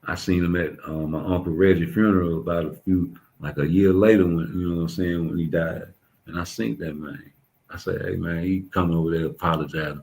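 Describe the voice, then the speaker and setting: Deep gravelly man ranting profanely. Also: steady tone, a little fast, a little mellow, rough recording. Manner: blunt profane ranting with street slang. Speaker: YouTube commentator. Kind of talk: casual ranting monologue.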